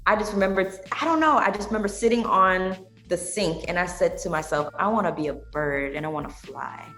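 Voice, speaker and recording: A woman's voice: on the low side, fairly bright tone, echoey room. A young adult woman, a podcast guest, telling her story in a heartfelt, emotional way. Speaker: guest, singer and tea business owner. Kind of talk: candid podcast conversation.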